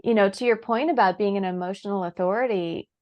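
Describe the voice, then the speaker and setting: A woman's voice: medium pitch, quick pace, muffled recording. A woman guest on a podcast, talking earnestly and with emphasis. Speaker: podcast guest, human design expert. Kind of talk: casual conversational podcast chat.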